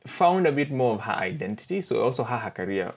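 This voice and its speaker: A man in his forties, a podcast guest, telling his own story in a reflective, halting way and often checking in with the listener. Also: medium pitch, sing-song, creaky, noisy background. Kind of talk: candid personal storytelling.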